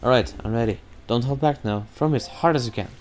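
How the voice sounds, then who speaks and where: A man's voice: mid-range voice, fast talker, slight background noise, voice pushed up, natural voice. A man voicing a kind, earnest young bird-girl attendant while reading game text aloud.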